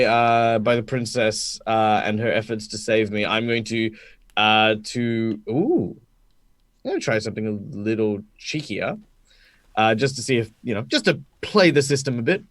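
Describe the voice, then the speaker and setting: Brief: chatty male player, expressive pitch, dry recording. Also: moderate pace, no echo. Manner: jokey, chatty. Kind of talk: casual tabletop game chat.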